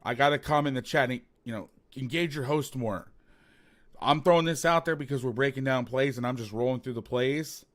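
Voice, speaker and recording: A man's voice: mid-range voice, brisk. A man hosting a football film breakdown, talking casually and animatedly, swearing, rambling with restarts.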